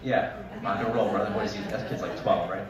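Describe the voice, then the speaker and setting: A man in his thirties doing a stand-up comedy set on a talent show stage, telling exaggerated stories with deadpan asides. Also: on the low side, brisk, crowd noise. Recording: echoey hall, mic from a distance.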